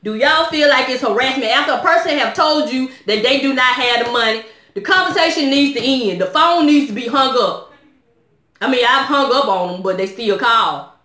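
A woman's voice: high-pitched, moderate pace, sharp tone. Blunt, exasperated woman vlogger, echoey room. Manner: blunt, exasperated, asks viewers questions. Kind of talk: casual direct-to-camera rant.

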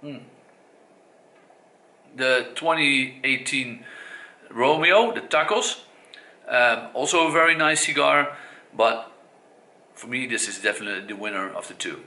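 Bright-voiced Dutch man, echoey room. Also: mid-range voice, expressive, unhurried, long pauses. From Netherlands. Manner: hesitant, many fillers and self-corrections. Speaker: cigar reviewer. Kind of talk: casual spoken review.

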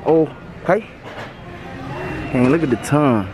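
A man with a St. filming a loud, joking vlog while shopping with his wife, teasing and laughing often. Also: mid-range voice, lively intonation, slow pace, over music. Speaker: vlogger, husband. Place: Walmart store, then parking lot.

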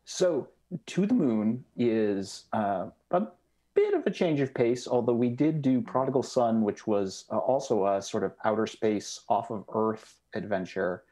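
A man guesting on a studio show, explaining his game adventure in a dry, wry, unhurried way with many fillers. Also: fairly low pitch, expressive, dark tone. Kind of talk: casual podcast chat. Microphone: studio mic.

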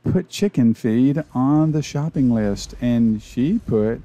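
A man's voice: medium pitch, animated, takes it slowly, warm tone, no room sound. A man from Arkansas with a Southern accent, giving playful, jokey commentary as the host of his gaming channel. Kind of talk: casual gameplay commentary.

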